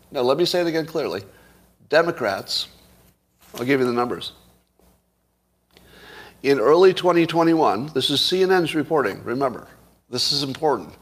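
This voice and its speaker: A man's voice: mid-range voice, breathy edge. A middle-aged man giving solo commentary, sarcastic, asking his audience rhetorical questions and chuckling at his own points. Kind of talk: solo political commentary to camera.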